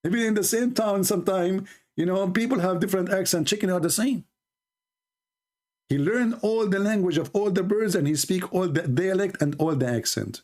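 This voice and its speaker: Live-stream host, a man from the Middle East, sarcastic and teasing, very animated pitch, middle-aged. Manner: sarcastic, teasing, drawn-out exclamations. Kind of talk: mocking live-stream monologue.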